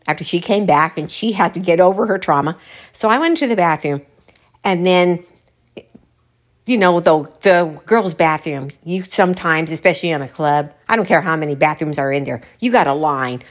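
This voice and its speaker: A woman telling a casual personal anecdote, often breaking into laughter mid-sentence as she tells it. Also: fairly low pitch.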